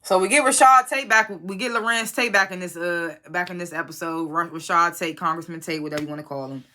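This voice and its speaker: A blunt, foul-mouthed reviewer recaps a TV episode in casual chat, dropping loosely acted quotes from the characters. The voice is bright and forceful, and its pitch sits in a middling range. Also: fast talker. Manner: blunt, profane and opinionated; retells scenes, quoting characters in a loose conversational voice.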